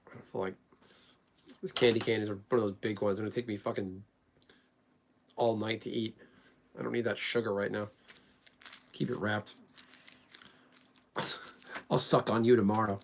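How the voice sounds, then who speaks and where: A man's voice: fairly low pitch, level tone, normal speed, vocal fry, long pauses, slight background noise. A man hosting a live stream, chatting casually in a rambling, joking way.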